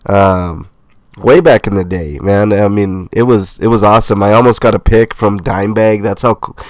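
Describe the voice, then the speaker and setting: A middle-aged man with a stuffy, nasal voice from a cold, casually reading viewer comments aloud as a livestream host, relaxed and rambling. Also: lowish voice, moderate pace, dry recording. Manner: relaxed, rambling, with fillers and laughs. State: sick, congested nasal voice.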